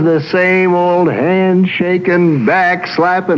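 A man's voice: high-pitched, slow pace, lo-fi sound, slight background noise. Folksy male psychologist telling stories. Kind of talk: anecdotal lecture.

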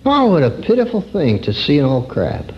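A man giving an earnest personal testimony sermon, swinging between high emphatic phrases and low drawn-out words. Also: wildly swooping pitch. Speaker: preacher. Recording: dull lo-fi recording.

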